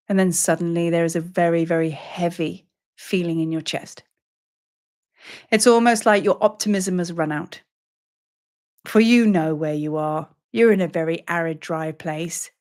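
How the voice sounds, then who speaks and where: Woman narrating a dramatic guided meditation. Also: lowish voice. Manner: slow, dramatic storytelling. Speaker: teacher and priestess.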